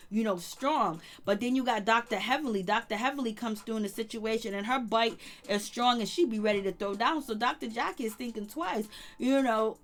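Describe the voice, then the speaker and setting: Chatty, gossipy woman recapping reality TV. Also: on the high side. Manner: chatty, gossipy, quotes others in animated voices. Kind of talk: casual recap monologue.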